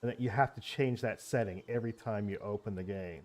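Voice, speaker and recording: A man running a tabletop role-playing game as game master, narrating scenes in a descriptive, measured way. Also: on the low side.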